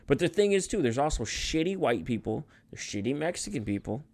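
A man's voice: fairly high pitch, very animated, brisk, a little mellow. A young man co-hosting a casual podcast. He rambles and swears, often stopping partway through a sentence to start it again. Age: young adult. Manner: rambling, profane, restarts mid-sentence. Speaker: podcast co-host. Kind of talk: casual chat.

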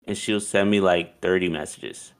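A man's voice: sits low, moderate pace. A young man casually telling a story, loose and profane, with "like" in nearly every line. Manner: loose and profane, heavy use of "like".

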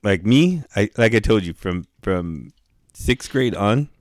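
A man's voice: on the low side, lively intonation, slow pace, dry recording, clean studio sound. A middle-aged man telling stories in a casual chat, profane and laid-back, full of "dude" and "bro", acting out what people said.

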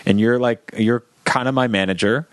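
A man's voice: medium pitch, steady tone, normal speed, no room sound. A man from New Jersey co-hosting a comedy podcast, telling a long story and imitating his friends with laughs. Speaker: podcast co-host. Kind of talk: casual storytelling chat.

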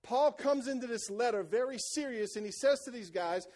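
A man delivers an animated church sermon in a voice pitched unusually high for a man. He preaches with energy and keeps drawing the congregation into call-and-response. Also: moderate pace, hardly any pauses. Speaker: pastor.

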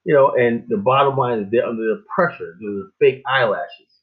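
A middle-aged man hosting a show, rambling in a casual monologue with lots of fillers and animated stories. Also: mid-range voice, moderate pace. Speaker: show host. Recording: tinny phone-like line.

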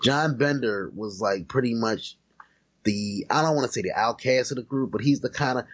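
A man's voice: medium pitch, moderate pace, a bit bright, husky, muffled recording. A man co-hosting a podcast, chatting loosely about movies with plenty of profanity and fillers. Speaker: podcast co-host. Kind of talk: casual chat about movies.

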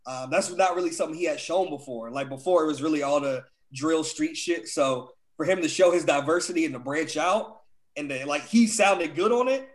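A man's voice: fairly high pitch, fairly quick. A young man chatting casually as a podcast co-host, laid-back and slangy. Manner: laid-back slangy talk, says "dog" a lot. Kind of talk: casual chat.

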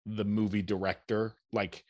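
A man's voice: fairly low pitch, level tone, moderate pace, no room sound, lo-fi sound. A man co-hosting a podcast in casual chat, candid and self-deprecating, rambling and swearing freely. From United States. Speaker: podcast co-host.

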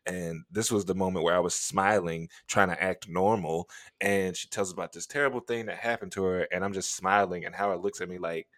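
A man's voice: low-pitched, a little fast, no echo, clean studio sound. A man co-hosting a podcast, casually telling a funny story, laughing often and acting out what people said. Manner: animated, laughing, acts out quotes. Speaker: podcast co-host.

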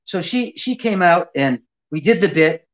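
A man's voice: sits high, normal speed. An older man, a ventriloquist guest, telling a long anecdote in an interview and acting out the people in it. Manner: animated anecdote teller, acting out quoted voices. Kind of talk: storytelling interview chat. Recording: dull lo-fi audio.

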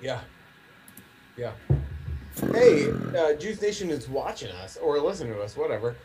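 Brief: male co-host, mid-pitched and animated, loose profane banter, faint background hiss. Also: unhurried, vocal fry, pauses often. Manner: joking and profane. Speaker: podcast co-host. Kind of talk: casual chat.

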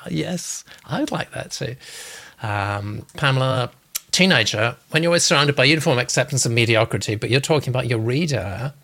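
A man's voice: mid-range voice, pushed and bright. A man hosting a casual live chat, reading comments with many uhs and ums. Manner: hesitant, lots of uh and um. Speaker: host.

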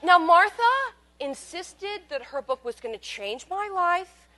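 A woman telling a personal story as a monologue, wry and candid, swinging between loud bursts and hushed asides. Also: very high voice, very animated, takes it slowly.

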